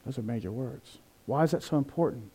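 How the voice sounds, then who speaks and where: A man preaching a sermon, animated, acting out quoted voices with big swings in pitch and loudness. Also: brisk, husky. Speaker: pastor.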